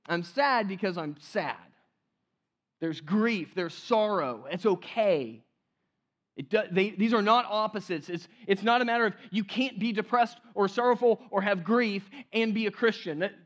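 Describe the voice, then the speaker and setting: Male pastor, high-pitched, conversational sermon delivery with hushed emphatic drops.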